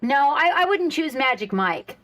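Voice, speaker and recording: A woman's voice: high voice, sing-song, normal speed, a bit bright, soft background music. A woman hosting a casual live stream, chatting loosely with viewers, swearing freely and reacting to the chat.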